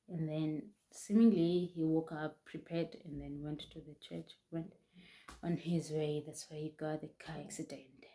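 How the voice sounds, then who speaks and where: A young woman telling a painful personal story in a halting way, often restarting, her voice close to tears. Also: sits low, dark tone. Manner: halting, restarts often, voice rising and breaking with emotion. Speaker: vlogger.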